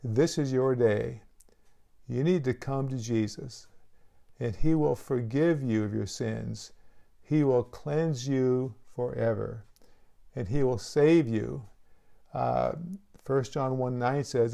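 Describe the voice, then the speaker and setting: Man, pastor preaching, gravelly, mellow, earnest pleading, restarts often. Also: mid-range voice, slow. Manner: earnest, pleading altar call with frequent restarts. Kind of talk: sermon.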